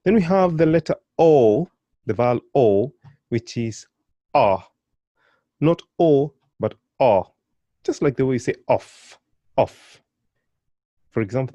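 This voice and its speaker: A man whose first language is Swahili, teaching a beginners' language lesson. He speaks slowly over the example sounds and keeps inviting the learner to repeat and praising them. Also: medium pitch, dark tone, no echo, highs cut off. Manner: encouraging, prompts learners to repeat, praises often; slow, carefully stretched model pronunciations.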